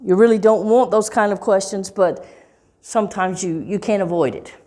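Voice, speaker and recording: A woman teaching English in a clear, deliberate way, stretching key words and checking in with "okay?" and "right?". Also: medium pitch, a little mellow. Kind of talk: slow, clear teaching talk.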